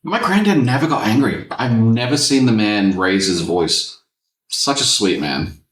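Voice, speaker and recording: A podcast host with a medium-pitched, lively, slightly slow and somewhat bright voice tells stories in a laid-back chat, swearing freely. The recording is echoey, with a distant mic.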